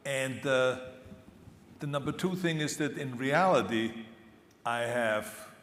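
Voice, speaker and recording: A man's voice: mid-range voice, takes it slowly, a bit bright. A man in his seventies with an Austrian accent, speaking as a guest on a conference stage in a playful, self-mocking way. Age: 70s. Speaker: celebrity spokesperson guest. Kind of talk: joking onstage conversation. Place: large conference hall stage. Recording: echoey hall with faint crowd noise.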